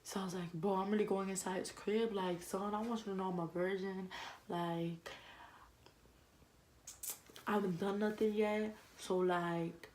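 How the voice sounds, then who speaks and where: A young woman vlogger telling a casual storytime, fast and slangy, full of "like" and quoted back-and-forth. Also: medium pitch, steady tone, a little mellow, a little hiss or hum, rough recording.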